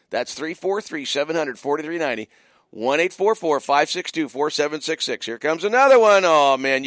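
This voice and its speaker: Lively radio host, dry studio sound. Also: male voice, on the high side, no echo. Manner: animated, teasing, repeats phone numbers. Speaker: radio host running a movie trivia call-in. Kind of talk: casual radio call-in chat.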